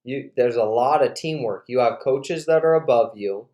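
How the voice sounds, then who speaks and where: Male host, casual and animated, recorded in a roomy space. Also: mid-range voice, moderate pace. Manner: animated storyteller, lots of fillers. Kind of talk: casual interview storytelling. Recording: roomy echo.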